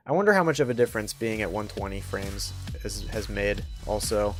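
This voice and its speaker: A man's voice: on the low side, animated, brisk, faint music behind. A young man chatting casually on a game livestream, joking with chat and muttering to himself as he plays. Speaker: game streamer.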